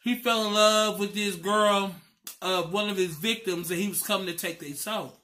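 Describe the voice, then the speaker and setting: High, bright-voiced man chatting over a meal. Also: normal speed. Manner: emotional, animated storytelling. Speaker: mukbang vlogger. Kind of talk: casual chat over a meal.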